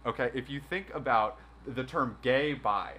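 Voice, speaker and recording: A man's voice: medium pitch, measured pace, sharp tone. A young man hosting a casual livestream chat, rambling and joking with many restarts. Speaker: livestream host. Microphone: phone.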